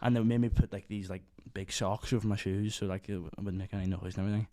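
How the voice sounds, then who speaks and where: A young man with a Northern Irish accent chats as a podcast guest, rambling through stories packed with fillers and acting out the voices of people he met. His voice sits fairly low. The sound is dry and close, with no room around it. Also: fairly even intonation, racing, mellow, dry recording. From Northern Ireland. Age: young adult. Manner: rambling storyteller, lots of "like" fillers, acts out quotes. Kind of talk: casual chat.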